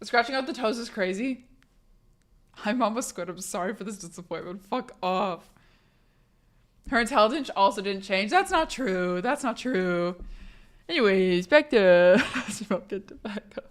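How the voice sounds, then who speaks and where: A young woman on a live stream, talking loosely to her chat with a voice worn hoarse from illness. She is blunt and swears casually, often cutting herself off and restarting her sentences. Her pitch sits in an ordinary middle range. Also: moderate pace. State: sick, voice going hoarse.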